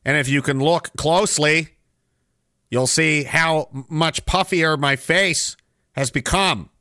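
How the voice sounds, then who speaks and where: Sarcastic guy ranting on his stream, kinda high bright voice, dry mic, mocking and rambly. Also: slow, dry recording. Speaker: streamer host. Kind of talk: ranting live-stream commentary.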